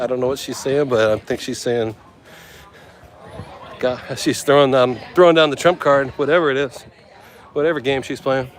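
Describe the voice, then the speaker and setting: A man's voice: medium pitch, steady tone, normal speed, pauses often, low-quality recording. A man walking through a seaside town outdoors, chatting casually and joking for his travel vlog. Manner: joking, chatty, thinking aloud. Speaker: travel vlogger.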